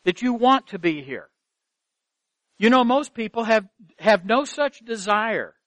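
High-voiced earnest man preaching. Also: animated, a little slow, a bit bright, dry recording. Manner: earnest preaching, rhetorical questions, repeats phrases for emphasis. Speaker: pastor. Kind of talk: sermon. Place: church sanctuary.

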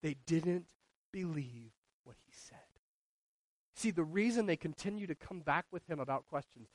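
Male pastor, high voice, lively preaching, rises and drops in volume, rhetorical questions. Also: normal speed, no echo. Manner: animated preaching, shifting between loud and hushed. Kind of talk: sermon.

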